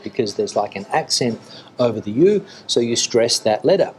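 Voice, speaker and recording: Middle-aged male, mid-pitched and easygoing, chatty restaurant review with faint room chatter behind. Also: moderate pace, a little hiss or hum. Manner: chatty, relaxed, with frequent fillers. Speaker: food vlogger. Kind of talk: casual restaurant review to camera. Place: restaurant in Spain.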